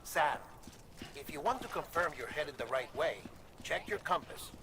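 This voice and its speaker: An actor playing a calm, commanding middle-aged male official in video game cutscene dialogue, measured and persuasive. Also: a little high, very noisy, close to an everyday voice.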